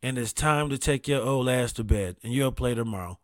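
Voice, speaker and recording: A man telling casual comedic stories about gaming with his kid, profane and animated, with quick asides. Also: medium pitch, no room sound, clean studio sound.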